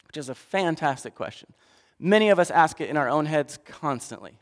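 A man with a high voice preaches a sermon in a hall with a long echo. He slips into characters, going loud and then soft. The delivery is lively and storytelling. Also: normal speed.

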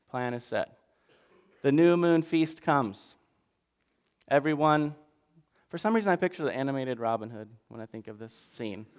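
Guy preaching a story sermon, clear voice, long echo, jokey and loose. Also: mid-range voice. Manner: casual, jokey, swings from loud to hushed. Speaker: pastor.

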